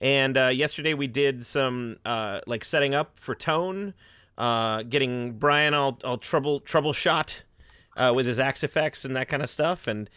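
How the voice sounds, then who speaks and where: Bright-voiced guy hosting a band livestream, chatty, laughs a lot, dry sound. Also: medium pitch, a little slow, clean tone, dry recording. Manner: chatty, laughs often, many restarts. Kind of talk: casual livestream chat.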